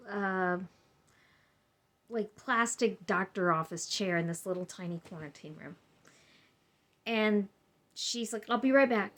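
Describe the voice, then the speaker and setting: A woman vlogger casually telling a personal story to her camera at home, rambling and acting out what other people said. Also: mid-range voice. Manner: chatty, rambling, acts out quoted people.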